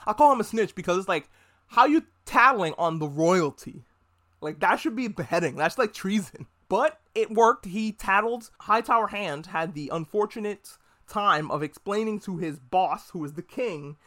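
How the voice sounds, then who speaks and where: High-voiced man in a profane, joking recap. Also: expressive, fairly bright tone. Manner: profane, joking, acts out characters in quick voices. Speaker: podcast host reviewing a TV episode. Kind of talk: casual recap with acted-out quotes.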